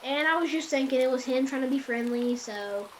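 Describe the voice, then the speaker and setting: Casual female storyteller for spooky tales, chatty and rambling, slightly high. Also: brisk, a little hiss or hum. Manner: rambling, conversational, addresses viewers directly. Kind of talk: casual spoken horror storytelling.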